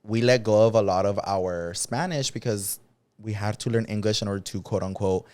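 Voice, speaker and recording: A man's voice: lowish voice, fairly even intonation, moderate pace, a little mellow, clear, resonant tone. A man co-hosting a podcast in casual chat. He talks loosely and swears freely. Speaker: podcast co-host.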